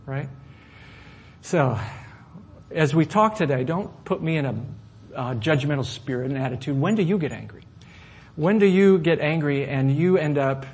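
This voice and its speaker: A middle-aged male pastor telling a personal story in a sermon, swinging from loud, animated outbursts to soft asides. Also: on the high side. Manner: animated storyteller, rising loud when acting out anger, dropping soft for asides.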